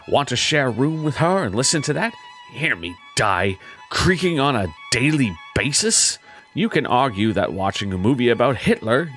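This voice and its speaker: A man's voice: medium pitch, fairly bright tone. A man hosting a comedy show, reading online reviews aloud and breaking off with sarcastic, mocking asides. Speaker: host.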